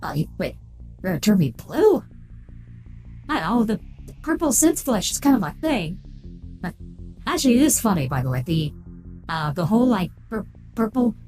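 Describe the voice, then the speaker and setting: A woman's voice: medium pitch, big pitch swings, moderate pace, pauses often, a little mellow, faint music behind. A woman streaming a game through a voice-changer filter, chatting casually, thanking followers and reading chat aloud. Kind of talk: casual live-stream chat while playing.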